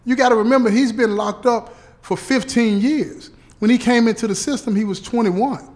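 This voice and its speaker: A man playing a parole officer who explains things slowly and deliberately, checking in often with "okay?" and "right?". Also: very high-pitched, darkish tone. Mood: explaining. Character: patient male parole officer briefing a relative.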